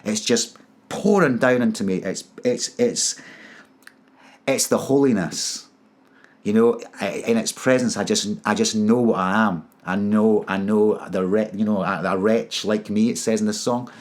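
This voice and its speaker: A man with a slightly low voice recounts a personal experience in an interview. He speaks earnestly and with feeling, stumbling and repeating words as he searches for what to say. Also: steady tone, unhurried, darkish tone. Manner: earnest, emotional storytelling. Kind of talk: personal testimony.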